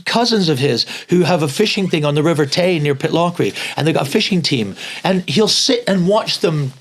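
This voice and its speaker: Male guest comedian, Scottish-Canadian, slightly high voice, lively storyteller who does voices. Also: brisk. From Scotland and Canada. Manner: animated, jumps into high-pitched voices for others. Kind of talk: casual storytelling chat.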